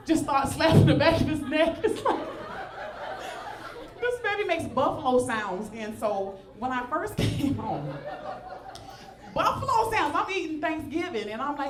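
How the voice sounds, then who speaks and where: A woman's voice: sits high, moderate pace. A woman from the Southern US with a Southern accent, doing a playful, self-mocking stand-up comedy set on a club stage into a handheld mic. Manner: animated, self-mocking, playful asides to the crowd. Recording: echoey club with audience laughter.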